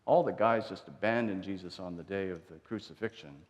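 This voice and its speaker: A pastor with a low voice preaches a sermon in a church sanctuary, telling the story conversationally and acting out the quotes as he speaks a little fast. The recording is muffled, with long church reverb.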